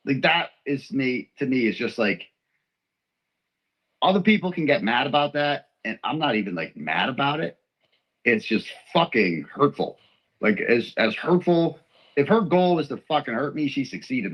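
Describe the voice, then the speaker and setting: A man's voice: mid-range voice, a bit bright, poor audio. A man from Texas hosting a livestream, ranting in a rambling, profane, hurt way. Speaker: livestream host. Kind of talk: emotional livestream rant.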